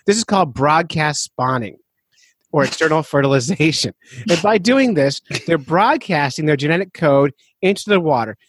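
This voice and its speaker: A man's voice: a little high, expressive, normal speed, slight background noise. A middle-aged man hosting a podcast, explaining facts in casual chat and breaking into jokes and laughter. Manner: jokey, explains facts then riffs, laughs often. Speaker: podcast host.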